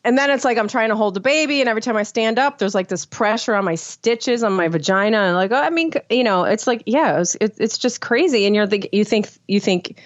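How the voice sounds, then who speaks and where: A woman's voice: on the high side, fairly quick, few pauses, dry recording. A woman co-hosting a casual podcast chat, speaking candidly about personal experience with many restarts. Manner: candid, frank, lots of "like" and restarts. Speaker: podcast co-host. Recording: dry, dull lo-fi mic.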